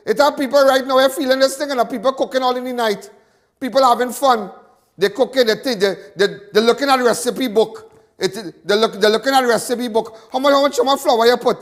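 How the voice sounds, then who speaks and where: A man's voice: extremely high pitch, brisk. A Trinidadian man hosting a live crime talk show, delivering a fiery monologue full of repetitions and stammered restarts.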